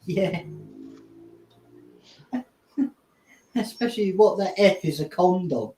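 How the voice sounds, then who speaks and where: A man's voice: sits high, expressive, slow pace, mellow. A man hosting a casual podcast chat, laid-back and rambling with chuckles. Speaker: podcast host. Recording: roomy echo.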